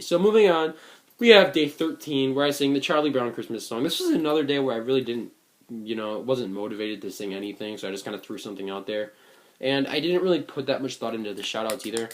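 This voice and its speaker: This is a young man in his late teens speaking to camera in a casual vlog. His voice sits at an ordinary mid pitch. He is sincere and meandering, full of ums, likes and restarted sentences. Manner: earnest, rambling, with many fillers and restarts. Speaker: vlogger.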